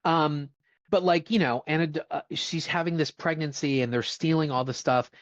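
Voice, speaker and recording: A man co-hosting a casual film review podcast, talking in an animated way, swearing and laughing often. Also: fairly high pitch, normal speed, dull audio. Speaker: podcast co-host.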